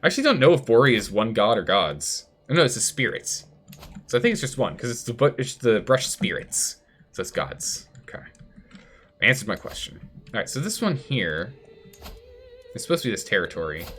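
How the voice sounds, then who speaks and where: A man's voice: medium pitch, sing-song, a little fast, fairly bright tone, slight background noise. A man streaming a strategy game live, chatty, thinking aloud and answering chat as he plays. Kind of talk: live gameplay commentary.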